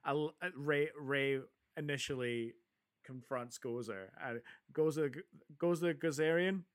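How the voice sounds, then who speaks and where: A man's voice: medium pitch, fairly even intonation, a little slow, a bit bright. A man in casual chat about a film, eagerly quoting its lines. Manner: enthusiastic, quotes film lines with relish.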